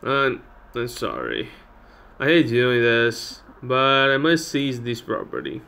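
A man's voice: medium pitch, expressive, slow, vocal fry, bright, forceful tone, heavily acted. Brief: a man playing a sorry young repo man, polite and stiff, lots of "madam". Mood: apologetic. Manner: stiff, apologetic, formal. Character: young man, reluctant debt collector.

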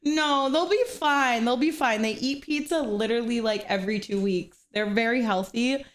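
A woman's voice: a little high, normal speed. A young woman streamer chatting casually to viewers, often breaking into giggles as she talks. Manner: giggly, laughing through words.

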